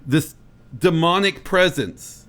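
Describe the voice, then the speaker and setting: A man's voice: on the high side, slow pace, fairly bright tone. A man co-hosting a comedy podcast, telling an absurd story with casual profanity and mock-dramatic character voices. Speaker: podcast co-host.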